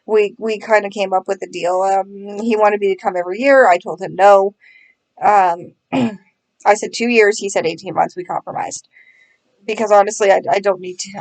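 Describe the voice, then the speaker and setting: A woman's voice: medium pitch, fairly even intonation, moderate pace, darkish tone. Woman vlogger, casual chat, dry sarcastic humor, laughs through her lines. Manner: sarcastic, self-mocking, laughs often.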